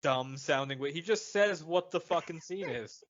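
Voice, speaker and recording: A man's voice: a little high, unhurried, fairly bright tone, a little hiss or hum. A man co-hosting a comedy podcast, riffing on the movie with wry, profane jokes. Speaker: podcast co-host. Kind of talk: casual comedic podcast chat. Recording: dull lo-fi podcast audio.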